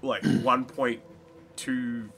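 A man chatting casually about a video game, rambling and animated, swearing now and then. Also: medium pitch, extremely slow, faint music behind. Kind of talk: casual gaming chat.

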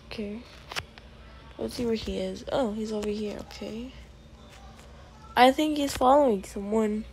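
Slow-talking woman narrating her gameplay. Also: a little high, gravelly, a little hiss or hum. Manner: chatty, bursts into excited yelling at the game. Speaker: gaming video creator. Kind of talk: casual gameplay commentary.

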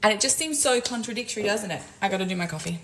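Medium in pitch, expressive and very fast, this slightly bright female voice comes through low-quality audio with a little hiss or hum. A business coach and community owner makes coffee at home while delivering a chatty, frank, profane, exasperated vlog rant to camera.

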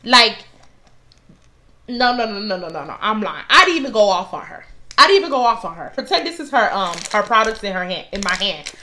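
A young woman vlogger telling a work story in a casual, animated and profane storytime monologue, often getting loud for emphasis. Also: mid-range voice, a little fast, slight background noise.

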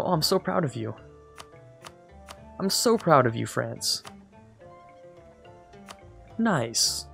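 Gravelly man rambling over a strategy game. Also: medium pitch. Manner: rambling, self-correcting, jokey asides. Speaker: let's play host. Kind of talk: casual gameplay commentary.

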